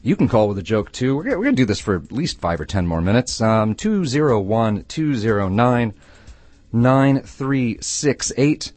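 A man's voice: lowish voice, brisk, few pauses, no echo, soft background music. A man hosting a late-night call-in radio show, joking with callers and laughing often. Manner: playful, laughs often, animated.

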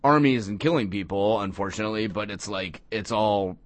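A man hosting a casual music interview, eager and halting, with many fillers and restarts. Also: on the low side, no room sound. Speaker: radio host.

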